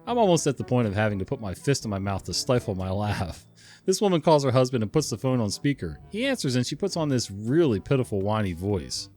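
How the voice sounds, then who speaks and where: A man telling stories in a relaxed, chatty manner, chuckling often and drifting into asides. His pitch moves around a lot as he talks. Soft guitar music plays quietly behind him. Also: fairly quick. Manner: chuckling, conversational, digressive. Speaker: storytelling channel host. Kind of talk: casual story narration.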